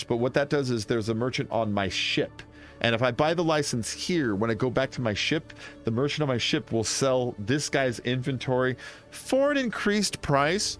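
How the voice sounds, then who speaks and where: A male gaming streamer giving casual let's-play commentary. He rambles in a chatty way, his pitch rising and falling a lot, with light game music in the background. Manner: chatty and rambling, with frequent fillers and laughs.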